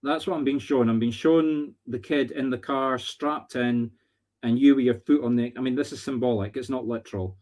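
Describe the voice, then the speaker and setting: A Scottish man working as a medium on a live stream, talking earnestly and haltingly, often searching for words. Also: mid-range voice, fairly even intonation, darkish tone. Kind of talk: live-streamed spirit readings.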